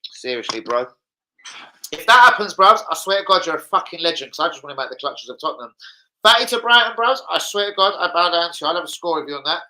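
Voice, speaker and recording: A man's voice: a little high, expressive, quick pace, pushed and bright, low-quality recording. A man chatting live to viewers about football, with sweary, blunt banter. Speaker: football fan streamer. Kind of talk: casual live-stream chat.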